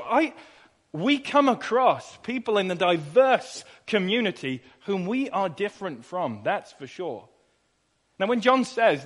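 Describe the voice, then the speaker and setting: A man's voice: high voice, lively intonation, normal speed, a bit bright. A young man preaching a sermon in a conversational way, asking rhetorical questions and repeating phrases for emphasis. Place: church. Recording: long reverb of a church hall.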